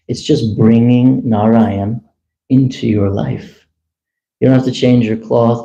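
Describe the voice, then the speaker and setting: A man telling a long personal story at a temple gathering, chatty and animated, acting out the dialogue. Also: mid-range voice, vocal fry, low-quality recording. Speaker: temple speaker. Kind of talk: casual storytelling talk.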